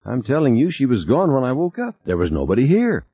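A man's voice: wildly swooping pitch, fairly quick, breathy edge, dry recording. A man doing an anxious, coaxing colleague. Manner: soothing, coaxing, somewhat higher voice. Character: middle-aged man, anxious, placating, suspicious. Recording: slightly dull lo-fi recording.

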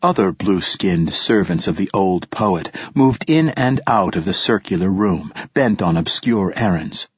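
Brief: male audiobook narrator, very low and husky, measured delivery, dry and slightly dull recording. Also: lively intonation, no echo. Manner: measured, descriptive storytelling. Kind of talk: scripted narration.

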